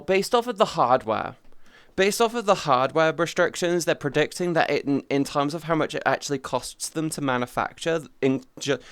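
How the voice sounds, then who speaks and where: A man's voice: a little high, smooth, no echo. A young adult man chatting casually on a live stream, rambling, swearing freely and restarting his sentences. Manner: rambling, profane, restarts often.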